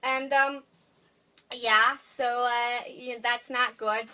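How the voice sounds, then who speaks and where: Young woman co-host, bright higher voice, loose rambling recap with fillers. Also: fairly even intonation. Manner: rambling, filler-heavy retelling with quick voices for characters. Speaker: podcast co-host. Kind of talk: casual movie recap chat.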